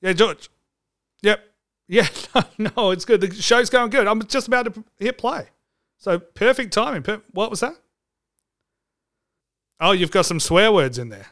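A man's voice: high-pitched, lively intonation, a little slow, pauses often, fairly bright tone. A man hosting a comedic podcast, joking and irreverent and swearing freely. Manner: joking, irreverent, mock phone call, swears. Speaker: podcast host.

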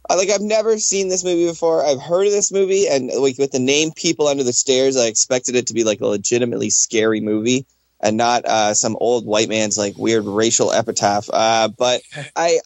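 A man's voice: medium pitch, darkish tone, dry recording. A man giving a rambling take in a casual movie chat, full of fillers.

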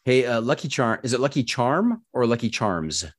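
A man's voice: mid-range voice, sing-song, normal speed, no echo. A man hosting a podcast interview, chatty and joking, often stumbling over his words. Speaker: podcast host. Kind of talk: casual interview.

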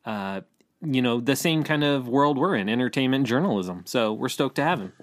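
A male podcast co-host at a middling pitch chats casually about the week's news. He rambles, restarts sentences and leans on ums and uhs as he goes. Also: animated, moderate pace. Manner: rambling with many fillers and restarts. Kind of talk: casual chat.

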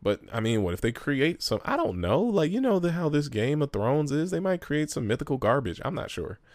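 Animated joking man on a call. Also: on the high side, a little fast, no room sound. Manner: animated, laughs often, jokey slang. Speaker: podcast co-host. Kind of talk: casual chat over a video call. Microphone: video call.

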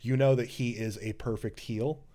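A man of middle pitch hosts a casual podcast and reads listener questions aloud. He rambles with enthusiasm and trades banter with his co-host. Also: fairly even intonation, moderate pace, dark tone. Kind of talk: casual chat.

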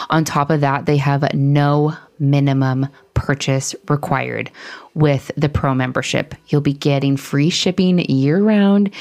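Low-voiced woman hosting a podcast. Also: a little mellow. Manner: chatty, laughs often, talks while eating. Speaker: podcast host. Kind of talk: casual podcast chat.

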